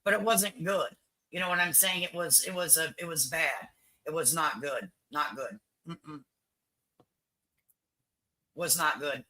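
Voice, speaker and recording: A woman's voice: low-pitched, measured pace, long pauses, pushed and bright, rough recording. An older woman hosting a livestream, chatting bluntly and opinionated, repeating herself and swearing freely. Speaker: livestream host. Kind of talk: casual chat with viewers.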